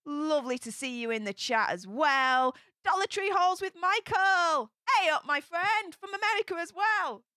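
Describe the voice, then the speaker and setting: A bubbly woman chats on her livestream with a high, bright voice. She greets viewers one after another in a warm, lively flow. The sound is dry and close. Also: normal speed, no room sound. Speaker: livestream host. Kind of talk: casual livestream chat. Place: home studio.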